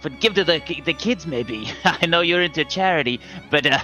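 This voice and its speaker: A man's voice: on the high side, animated, bright, forceful tone, highs cut off, faint music behind. A man playing a hammy evil wizard in an improvised comedy sketch, theatrical and jokey. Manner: theatrical, jokey, drawn-out phrases. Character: hammy evil wizard, oddly Italian-tinged.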